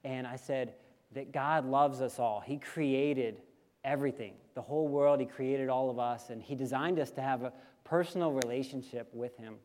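A male missionary sharing a lively personal story with a congregation and getting listeners to repeat phrases after him. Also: medium pitch, normal speed. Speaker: missionary speaker. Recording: long hall reverb.

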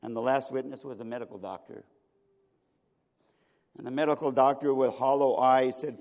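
A middle-aged male pastor preaching a sermon, telling a story dramatically with sharp swings between loud and soft. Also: medium pitch, steady tone, normal speed, long pauses. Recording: reverberant hall.

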